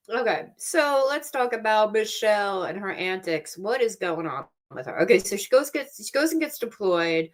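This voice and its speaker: A woman's voice: lowish voice, big pitch swings, moderate pace, few pauses. Chatty woman on a home livestream. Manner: chatty, laughs often, trails off and restarts. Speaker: livestream host. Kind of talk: casual chat.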